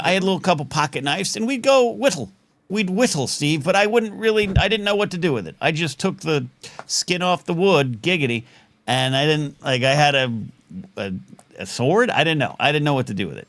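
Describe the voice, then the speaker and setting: A man's voice: on the high side, lively intonation, brisk, fairly bright tone, no echo. Man in his forties, talk show host, rambling, jokey, dry close sound. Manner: rambling, self-deprecating, jokey. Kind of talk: casual live talk show banter.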